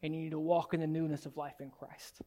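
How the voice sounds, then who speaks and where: Guy preaching a sermon, high voice, gets loud then goes real quiet. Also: quick pace. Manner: animated, swings from soft and low to loud and high. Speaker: pastor. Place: church sanctuary.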